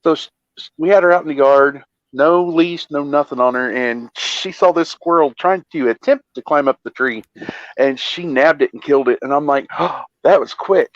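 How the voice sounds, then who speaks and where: A man's voice: fairly high pitch, normal speed, no echo. A tired man hosting a livestream in casual chat, rambling in a laid-back way and correcting himself as he goes. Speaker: livestream host. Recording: muffled lo-fi stream audio.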